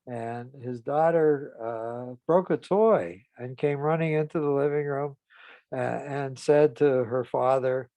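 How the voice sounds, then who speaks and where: Male therapist narrator, gravelly, unhurried storyteller, dry close sound. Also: medium pitch, warm tone, dry recording. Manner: unhurried, recounting a case. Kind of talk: storytelling talk.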